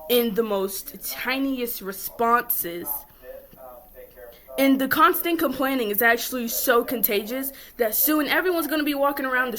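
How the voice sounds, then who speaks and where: A young woman vlogger talks to camera in a casual rant, laughing hard and mocking before turning to a firm lecture. Her voice sits on the high side with a fairly bright tone.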